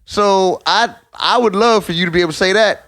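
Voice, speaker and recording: A man's voice: high-pitched, brisk, fairly bright tone, dry recording, clean studio sound. A middle-aged man, a guest comedian, talking in casual podcast chat in an emphatic, profane way.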